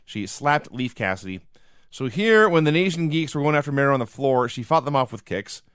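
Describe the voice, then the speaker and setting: A man's voice: mid-range voice, expressive, brisk, a bit bright, clean tone, no echo. A man hosting a podcast, recapping old shows in a dry, wry casual manner. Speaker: podcast host.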